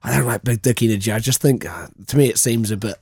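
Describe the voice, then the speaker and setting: A man co-hosting a podcast at a middle pitch, halting and hesitant as he gropes for his point. The recording is dry and close. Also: a little mellow, husky, dry recording. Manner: halting and hesitant, with many restarts. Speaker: podcast co-host. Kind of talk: casual podcast banter.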